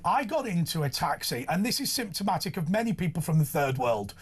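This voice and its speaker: A man hosts a late-night talk show in a high, lively voice that swings widely. His tone has a husky grain, and he delivers blunt, provocative opinions. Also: fairly quick. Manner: blunt, provocative, laughs at own jokes. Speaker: talk radio host.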